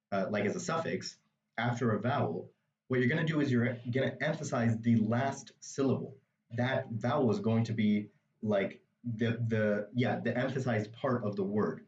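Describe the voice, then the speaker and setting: A man's voice: medium pitch, darkish tone, roomy sound, recorded from a distance, lo-fi sound. A man teaching a language, explaining a reading passage step by step in a patient way with many asides. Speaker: Arabic dialect teacher.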